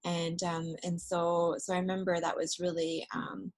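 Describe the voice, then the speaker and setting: A woman hosting a casual interview, speaking softly with many fillers and restarts. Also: lowish voice, monotone, normal speed, no echo, rough recording. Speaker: host. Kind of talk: casual video-call interview chat.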